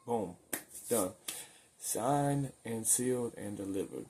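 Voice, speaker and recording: A man's voice: fairly low pitch, animated, takes it slowly, gravelly, mellow. A man talking earnestly and informally in a daily faith video, preaching in a loose, conversational way and often repeating words as he restarts his thoughts. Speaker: religious video maker. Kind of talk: casual spoken preaching.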